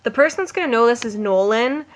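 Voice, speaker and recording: Young woman chatting w her friend, laughs a lot, kinda high voice. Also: fast. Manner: animated storyteller, laughs often. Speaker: co-host. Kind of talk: casual chat.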